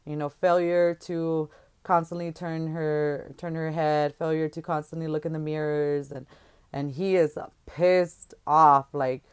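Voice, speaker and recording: A woman telling her own past in candid, halting testimony with many fillers and restarts, her voice rising and growing louder when she quotes others. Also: low voice, level tone, clean tone. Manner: voice climbs and gets louder when quoting others.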